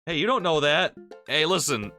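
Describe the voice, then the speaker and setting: A man's voice: on the high side, expressive, moderate pace, pushed and bright, faint music behind. A young man streaming a game, joking crudely with chat and laughing easily. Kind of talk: casual let's-play chat.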